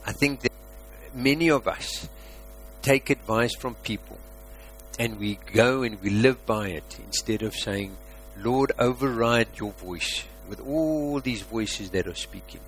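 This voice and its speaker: A man preaching a sermon as a pastor, asking rhetorical questions and swinging between loud emphasis and quiet asides. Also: mid-range voice, a little slow, a little hiss or hum, rough recording.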